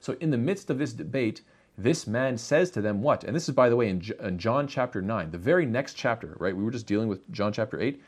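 Man, low-pitched voice, religious lecture, rhetorical questions, hesitant fillers. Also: animated, brisk. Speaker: religious teacher.

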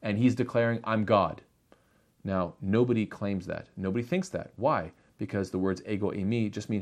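Deep-voiced man explaining scripture. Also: moderate pace, darkish tone. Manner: rhetorical questions, frequent fillers. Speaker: religious teacher. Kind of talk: explanatory religious lecture.

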